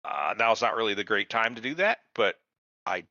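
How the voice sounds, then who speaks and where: A man hosting a podcast rants and swears with biting sarcasm. His voice has a bright, forceful edge. The sound is dry and dull, like lo-fi home audio. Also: on the low side, sing-song, normal speed, gravelly, dry recording. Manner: profane, ranting, sarcastic. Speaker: podcast host. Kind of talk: casual podcast chat.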